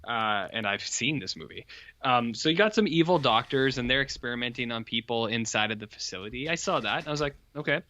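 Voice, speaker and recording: A man co-hosting a podcast, casually retelling a horror film in a rambling, animated way. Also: medium pitch, brisk, no echo. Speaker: podcast co-host reviewing horror films. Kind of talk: casual chat.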